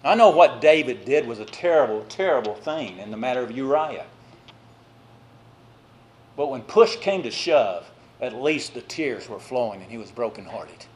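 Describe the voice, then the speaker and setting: A male preacher giving a sermon, swinging between loud exhortation and quiet, drawn-out phrases, with conversational asides to the congregation. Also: medium pitch, lively intonation.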